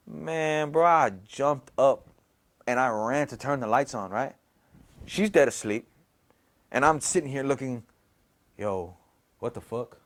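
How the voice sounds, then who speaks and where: A young man casually telling a story in slangy, profane, animated talk with a lot of repetition. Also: medium pitch, a little slow, pauses often. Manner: slangy, profane, animated retelling with many repeats.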